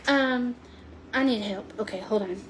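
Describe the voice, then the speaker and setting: A woman's voice: on the high side, unhurried, a little hiss or hum. A woman hosting a chatty live cooking stream from her home kitchen, rambling and talking to viewers by name. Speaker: home cooking livestream host.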